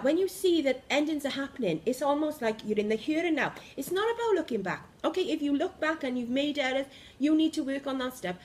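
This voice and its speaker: A woman giving an energetic, emphatic spiritual pep talk to camera, repeating phrases for emphasis. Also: high voice. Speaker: spiritual vlogger. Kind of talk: impassioned motivational monologue.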